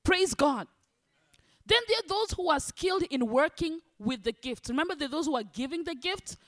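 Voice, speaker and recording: A woman preaching a sermon, animated, acting out the voices of church members. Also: high-pitched, normal speed. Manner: animated, acts out congregants' voices.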